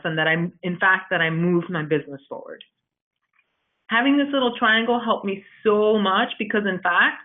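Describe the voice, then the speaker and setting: A woman hosting a team call as a coach, upbeat and encouraging in a chatty way. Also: medium pitch. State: recovering from flu. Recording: tinny phone-line audio.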